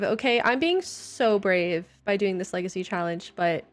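Speaking at a moderate pace with hardly any pauses, a medium-pitched woman chats with her viewers while playing a building game on a livestream. Her manner is playful and casual as she responds to them, with faint game music behind her.

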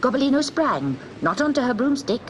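A woman reading a children's story aloud in an expressive, dramatic way. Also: sits high, fairly quick, slight background noise, poor audio.

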